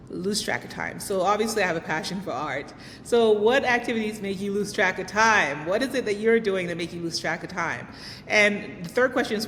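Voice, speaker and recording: A middle-aged woman hosts her vlog in a friendly, chatty way, often stopping to ask the viewer a question. Her voice sits at an ordinary middle pitch. It is recorded with a long reverb tail and a faint rumble underneath. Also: fairly bright tone. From United States. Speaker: vlog host. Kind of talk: casual advice talk to camera.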